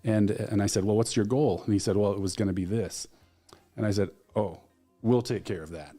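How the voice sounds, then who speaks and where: A man's voice: on the low side, a little fast, warm tone, soft background music. A man being interviewed as an alumni relations director, earnestly retelling events with quoted dialogue. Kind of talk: radio interview guest.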